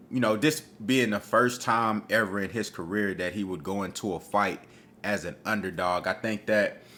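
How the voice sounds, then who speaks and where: A man giving his casual opinions on an upcoming boxing fight, talking with street slang and cursing freely. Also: fairly low pitch. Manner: profane, animated, street slang. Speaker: boxing commentator.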